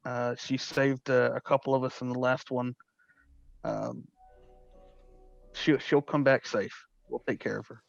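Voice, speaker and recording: A man voicing a gruff, battle-hardened dragonborn paladin who speaks in halting, reassuring words. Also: medium pitch, fairly even intonation, dry recording, faint music behind. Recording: dull lo-fi mic.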